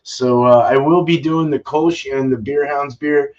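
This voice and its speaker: A man's voice: mid-range voice, fairly even intonation, unhurried, darkish tone. A man hosting a casual home-brew live stream, talking loosely with lots of fillers and swearing. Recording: dull lo-fi stream audio.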